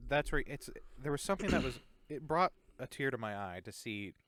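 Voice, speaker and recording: Male co-host, animated and bright, jumps in to finish lines. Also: medium pitch, fairly quick. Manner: chimes in, finishes the other host's lines. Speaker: podcast co-host. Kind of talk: casual movie review chat.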